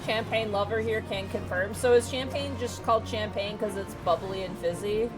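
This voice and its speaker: A woman hosting a live game stream, chatting with friends in a sarcastic manner with quick asides. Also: medium pitch. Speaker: streamer host. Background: game music.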